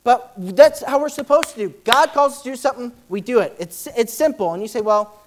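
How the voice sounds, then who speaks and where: A man preaching a church sermon and reading scripture aloud, talking fast and excitedly, often repeating words as he presses on. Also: very high voice, noisy background.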